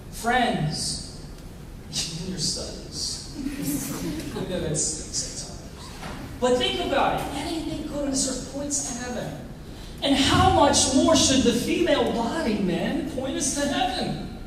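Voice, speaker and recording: A man giving a lively talk to an audience, telling stories and laughing often at his own jokes. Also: very high-pitched. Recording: echoey hall, voice from far off, noisy.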